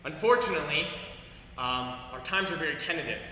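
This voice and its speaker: High, bright-voiced martial arts instructor man. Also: lively intonation, fairly quick, a little hiss or hum. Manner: upbeat coaching, gives commands and counts. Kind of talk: leading an online kicking class. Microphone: video call. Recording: echoey hall sound from off-mic.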